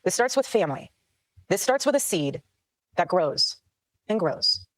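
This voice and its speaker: A woman's voice: fairly low pitch, very animated, unhurried. A woman answering audience questions at a town hall in an earnest, emphatic way.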